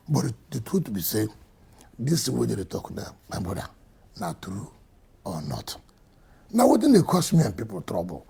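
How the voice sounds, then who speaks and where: This is a state governor with a Nigerian accent, giving emphatic interview answers that alternate between loud and soft. He speaks on the higher side, and his voice is gravelly and husky.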